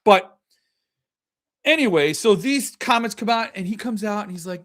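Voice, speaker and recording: A man's voice: high-pitched, expressive, moderate pace, long pauses, fairly bright tone. A man hosting his own show, ranting with sarcasm and profanity in a casual commentary. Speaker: podcast host.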